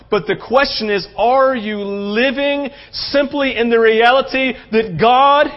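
High-voiced man preaching conversationally. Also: dull audio. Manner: conversational preaching, frequent tag questions. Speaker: pastor. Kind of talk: sermon.

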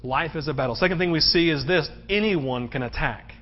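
Emphatic pastor preaching, lo-fi recording. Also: male voice, a little fast. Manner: emphatic preaching, rising to loud, high-pitched peaks; animated storytelling with frequent "right?" asides. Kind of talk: sermon. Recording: dull, lo-fi sermon recording.

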